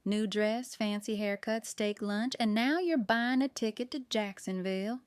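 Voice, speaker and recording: A bossy, folksy older woman baker scolds with fierce protectiveness, as a woman voices her in an audiobook. The voice is smooth and clear, recorded close in a dry space. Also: mid-range voice, measured pace, no echo, close to an everyday voice. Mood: scolding. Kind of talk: audiobook character reading.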